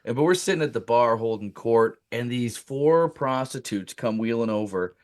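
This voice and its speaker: Un humoriste parle sur un ton de conversation détendue, en racontant une anecdote drôle. Sa voix est de hauteur moyenne, et il rit souvent entre ses phrases. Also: male voice, mid-range voice, normal speed. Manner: animated, laughs through his story, many fillers. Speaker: comedian guest. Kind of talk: casual comic storytelling.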